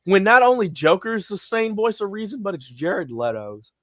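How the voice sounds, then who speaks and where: A man's voice: sits high, moderate pace, dry recording, clean studio sound. A young man co-hosting a casual film review chat, slangy and laughing, acting out lines from the movie. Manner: animated, laughing, slangy, acts out quotes. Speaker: podcast co-host.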